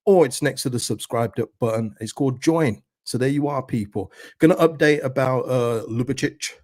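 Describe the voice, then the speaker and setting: A man's voice: mid-range voice, darkish tone, no room sound, studio quality. A man hosting a casual football chat stream, talking straight to his viewers. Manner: chatty, talks straight to viewers. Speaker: football channel host.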